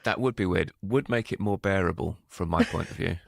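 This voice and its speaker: A man's voice: sits low, brisk, gravelly, dry recording. A man co-hosting a podcast, chatting casually with dry, self-deprecating humour. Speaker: podcast co-host. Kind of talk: relaxed casual chat.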